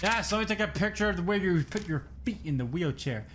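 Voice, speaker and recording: A young man with a slightly high voice talks his way through a horror game, cracking jokes to himself and yelping when startled. He sounds tired at times. A faint ambience hums behind him. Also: animated, quick pace, a bit bright, slight background noise. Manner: jokey, talks to himself, jumpy outbursts. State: tired, yawning. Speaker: gaming streamer. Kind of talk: horror game let's play commentary.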